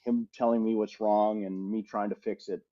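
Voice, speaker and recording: Middle-aged male podcast co-host, lively rambling storyteller, slightly muffled audio. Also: lowish voice, moderate pace. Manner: lively, rambling anecdote with frequent restarts. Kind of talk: casual storytelling.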